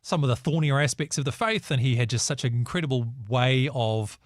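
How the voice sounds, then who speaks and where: A man with a New Zealand accent hosting a casual chat show, lively and jokey, often slipping into mocking voices. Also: medium pitch, brisk, no room sound, studio quality. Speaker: host.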